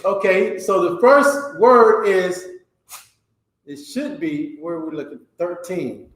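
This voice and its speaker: A man teaching a class, reading a text aloud and explaining it, often checking with a quick "okay?". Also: high voice, a bit bright. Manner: slow, ends phrases with a checking "okay?". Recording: very echoey room.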